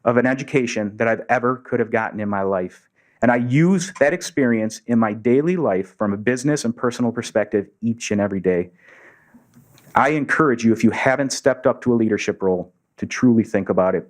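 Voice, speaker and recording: A man giving an earnest storytelling speech to a club audience in a meeting room, acting out the voices of people he quotes. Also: medium pitch. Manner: earnest, acts out quoted dialogue. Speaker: Rotary district governor giving a speech.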